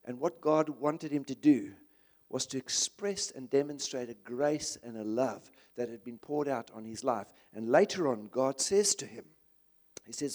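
A man's voice: medium pitch, measured pace, darkish tone. A man, preaching a sermon in an impassioned, conversational way with emphatic repetition.

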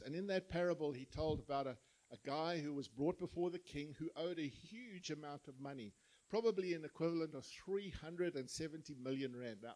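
Storytelling preacher. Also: male voice, fairly high pitch, darkish tone, low-quality recording. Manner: storytelling preacher acting out parable voices. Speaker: pastor. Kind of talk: sermon. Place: church.

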